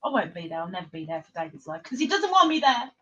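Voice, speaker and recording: A woman's voice: lowish voice, very animated, quick pace, bright, forceful tone, muffled recording. A woman hosting a casual livestream, chatting and giggling in a rambling, teasing way. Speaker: livestream host.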